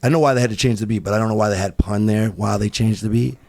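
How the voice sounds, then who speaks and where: A man telling studio stories in casual podcast chat, animated and laughing often as he acts out what others said. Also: fairly low pitch, very fast, vocal fry. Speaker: studio engineer guest.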